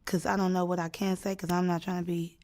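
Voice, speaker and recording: A young woman recounting a night out in a loose, casual way. She is animated, jumping into the voices of the people she quotes and then dropping back to her plain storytelling. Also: fairly low pitch, fast talker. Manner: animated, acts out quotes with sudden loud jumps. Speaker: storyteller in a clip.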